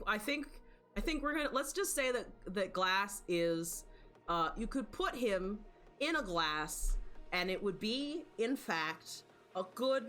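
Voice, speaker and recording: A woman's voice: medium pitch, pushed and bright. A woman from rural Appalachia chatting casually on a live stream, rambling, swearing playfully and reading viewer messages. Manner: rambling, profane and playful, breaks into laughter.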